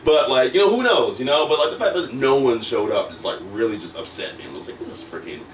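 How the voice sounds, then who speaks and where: A man's voice: medium pitch, expressive, fast. A man telling a story in a casual interview, rambling and full of fillers, acting out quoted lines. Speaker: wrestler guest. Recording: roomy echo, distant from mic, faint noise.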